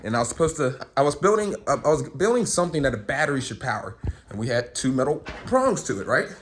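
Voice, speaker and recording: Animated young man ranting. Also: medium pitch, quick pace, slight background noise. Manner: animated, profane, rambling storyteller. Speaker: vlogger. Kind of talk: casual rambling rant to camera.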